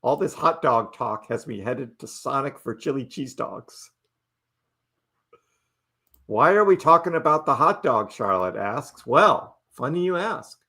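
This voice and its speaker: Hosting a casual live stream, this middle-aged man speaks in a husky, mid-range voice that sounds pushed and bright. He banters loosely with his audience, reads out their messages and laughs frequently.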